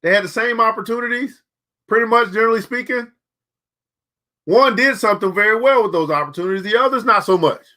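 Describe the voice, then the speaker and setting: A man's voice: sits high, brisk, pushed and bright. A man hosting a show, giving motivational commentary between book readings, preachy and repeating key phrases for emphasis. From United States. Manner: colloquial, addresses listeners directly. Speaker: show host.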